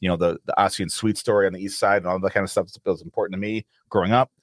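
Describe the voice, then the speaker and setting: A man's voice: low voice, very fast, no echo, studio quality. A man co-hosting a casual podcast chat, talking with feeling about history. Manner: animated, emotional about history. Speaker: podcast co-host.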